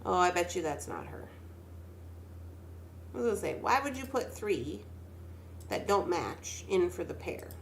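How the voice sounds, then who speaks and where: A pregnant young woman hosts a casual livestream, beading jewelry while she chats with viewers, greets them by name, and talks to herself as she works. Her voice is fairly low and sing-song, with a creaky quality, a measured pace, and long pauses. There's slight background noise.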